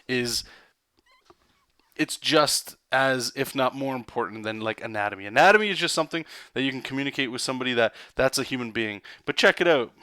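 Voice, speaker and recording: Casting: male comic artist, bright, dry voice, excitable and loose, rambling casual drawing lesson. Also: medium pitch, clear, resonant tone, no room sound. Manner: loose, rambling, checks in with "right?" and "okay?".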